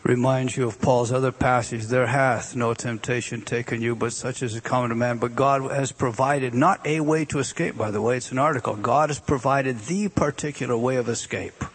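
A man preaching a sermon, explaining the meanings of words and swinging between emphatic raised passages and hushed, drawn-out repetitions. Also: medium pitch, fairly even intonation, slightly rough.

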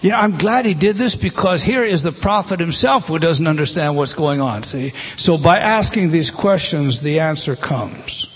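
A middle-aged man with a slightly high, husky, expressive voice speaks at normal speed with few pauses. He's delivering a conversational Bible-teaching sermon, posing rhetorical questions and reading scripture aloud with feeling.

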